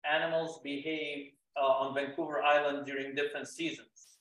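A man's voice: fairly high pitch, little pitch movement, a little fast, pushed and bright, heavy reverb, poor audio. A man calling in to a talk show, speaking politely and hesitantly with many "um"s. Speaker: caller. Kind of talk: casual conversation.

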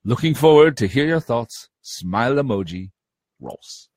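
A man with a husky, slightly breathy voice that swoops up and down as he jokes through a casual podcast chat. He reads listener mail in an animated way, recorded close and dry. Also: mid-range voice, a little slow, no echo. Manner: jokey, laughing banter. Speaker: podcast co-host.

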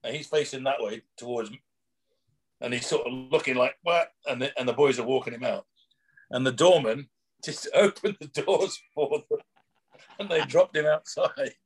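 A man's voice: medium pitch, normal speed, breathy edge. A man, a former prison officer, telling rambling anecdotes in casual chat, acting out quoted dialogue with chuckles.

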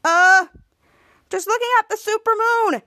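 A woman's voice: very high voice, unhurried, sharp tone, no room sound, pitched above the performer's own voice, full character voice. A woman voicing a flustered teenage boy superhero sidekick, quoting his lines in a raised, eager voice.

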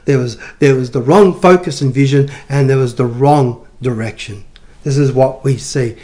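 A man preaching a sermon in an animated, emphatic way, often repeating his phrases for stress. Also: mid-range voice.

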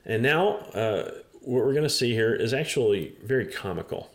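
A male pastor delivering a sermon as a lively story, his pitch rising and falling widely as he drives home each point. He talks with frequent uh's, chuckles at the comic moments, and slows down for emphasis. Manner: animated storyteller, chuckling, many fillers.

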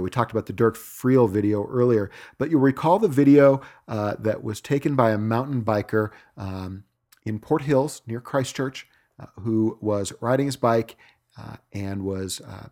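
A middle-aged man hosting a cycling podcast from his home studio, reading news items in a relaxed way with frequent filler words. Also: medium pitch. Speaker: podcast host. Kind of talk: solo podcast news segment.

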